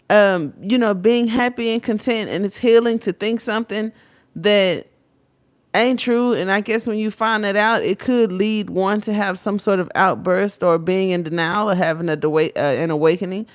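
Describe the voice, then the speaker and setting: A woman's voice: medium pitch, normal speed. A woman with a Texas accent giving a casual tarot reading, rambling through blunt, profane asides. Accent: Texan. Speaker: tarot reader.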